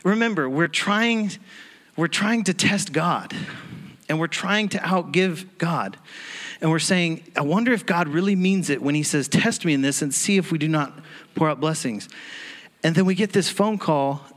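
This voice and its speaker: A young man telling a personal testimony in a sermon, animated and acting out the people he quotes with laughing asides. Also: fairly high pitch, moderate pace. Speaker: church speaker telling a testimony.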